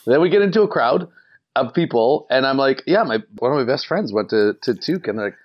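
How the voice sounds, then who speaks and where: A man's voice: fairly high pitch, animated, fairly quick, noisy background. A man in casual chat, eagerly backing up a friend's story with his own.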